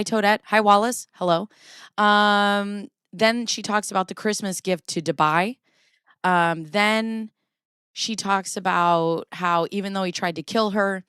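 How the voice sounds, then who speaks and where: A woman's voice: lowish voice, fairly bright tone, clean tone, no room sound, studio quality. A woman hosting a casual livestream, rambling playfully and reacting to chat messages as she talks. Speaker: livestream host.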